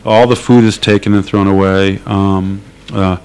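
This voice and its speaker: A man with a lowish voice answers an interviewer at length. His talk is loose and unscripted, full of ums, restarts and dry little laughs. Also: steady tone, measured pace, darkish tone, clean tone, low-quality recording. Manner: rambling, hesitant with many fillers, wry laughs. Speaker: activist interviewee. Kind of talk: casual spoken interview.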